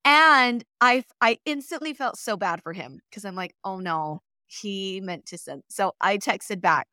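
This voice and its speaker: A woman telling a story casually in a conversation, lively and laughing as she acts out the quoted texts. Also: mid-range voice, unhurried, no room sound, studio quality.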